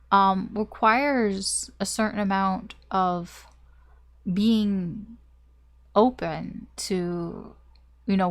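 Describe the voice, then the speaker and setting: A woman doing a casual tarot reading to camera, rambling with many fillers and restarts, and swearing now and then. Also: mid-range voice. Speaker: tarot reader.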